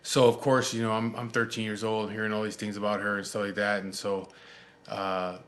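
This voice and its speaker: A man's voice: on the low side, flat delivery, a little fast, a bit bright, a little hiss or hum. A man in his forties, a show host telling a personal story in casual chat, rambling and swearing freely with many restarts. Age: 40s. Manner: rambling, profane, lots of fillers and restarts.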